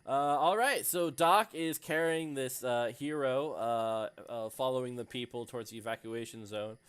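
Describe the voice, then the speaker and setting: This game master runs a tabletop session in a smooth voice of medium pitch. He stumbles along, narrating with frequent fillers.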